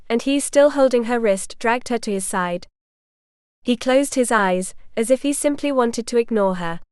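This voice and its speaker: A woman narrating a historical romance audiobook in measured, scripted storytelling. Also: on the high side, smooth, no echo, clean studio sound.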